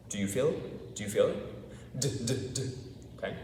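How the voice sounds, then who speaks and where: A man teaching English pronunciation to a class, demonstrating sounds by slowly repeating words and often checking that his students follow. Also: medium pitch, expressive, darkish tone, a little hiss or hum. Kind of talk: classroom lesson. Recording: echoey hall from far off.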